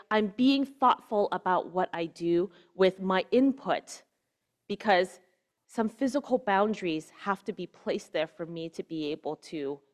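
A woman giving a conversational sermon. She keeps checking in with "right?" and drops to a hushed voice on key words. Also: on the low side. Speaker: preacher.

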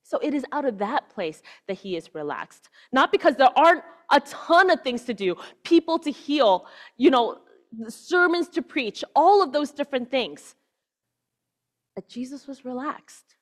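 A woman's voice: sits high, very animated, measured pace. Woman preaching in a casual, chatty way. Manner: casual, keeps asking "right?", drops to a hushed voice on key words. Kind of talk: conversational sermon.

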